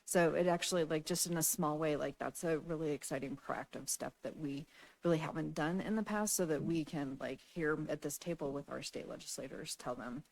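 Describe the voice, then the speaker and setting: A woman on a city council speaks up eagerly, with a very low voice. She often says "like" as she lays out her ideas for the city. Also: brisk, gravelly, darkish tone, poor audio. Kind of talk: formal meeting talk. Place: council chamber.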